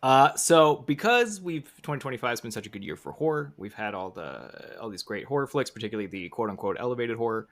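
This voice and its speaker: A man's voice: mid-range voice, expressive, quick pace, gravelly, hardly any pauses, a bit bright. A man who produces and co-hosts a podcast, chatting in a playful, teasing way. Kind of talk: casual chat.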